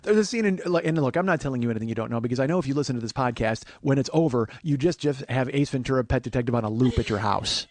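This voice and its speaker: Talking very fast with hardly any pauses, a man with a darkish, mid-range voice hosts a comedy podcast on a close studio mic with no room sound. His casual chat rambles, turns self-mocking, and slides into silly voices.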